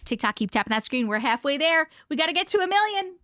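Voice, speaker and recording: Female livestream host, playful and animated; expressive, up-and-down delivery. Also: high voice, fast, no echo, clean studio sound. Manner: animated and playful, jokes with chat. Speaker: host reading viewer stories. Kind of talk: casual livestream chat.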